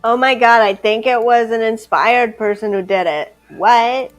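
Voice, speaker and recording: Excitable woman player at the table. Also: on the high side, a little slow, soft background music. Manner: excitable, blurts and swears. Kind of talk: casual tabletop game chat.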